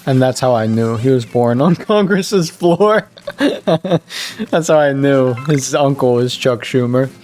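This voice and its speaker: A young man from Virginia chatting casually while playing a game, rambling and joking, jumping up in pitch to make a point. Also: slow pace, darkish tone, faint music behind. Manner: rambling, joking, jumps into higher pitch for emphasis. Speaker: gaming streamer. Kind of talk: casual gameplay commentary.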